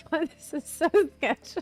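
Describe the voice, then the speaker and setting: A woman's voice: high-pitched, slow, a bit bright, faint music behind. A woman in her thirties streaming a game, chatting casually with her chat. She laughs often and swears casually. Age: 30s. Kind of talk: casual live-stream chat while gaming.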